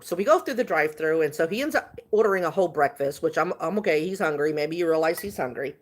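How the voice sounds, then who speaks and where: A woman telling a story on a casual livestream, animated and chatty, laughing often. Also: on the low side, fast, few pauses. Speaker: vlogger.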